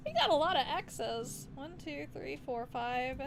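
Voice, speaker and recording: A young woman streaming casually, giggling, bursting into loud laughter and swearing freely. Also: sits high, sing-song, measured pace, creaky, heavy background noise. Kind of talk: casual livestream chat. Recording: music playing under the voice. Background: background music playlist.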